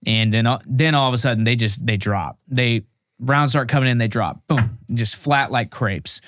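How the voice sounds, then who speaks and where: A man's voice: mid-range voice, normal speed, fairly bright tone, no room sound. A man, a Marine veteran, telling a war story in a casual interview and acting out the quotes.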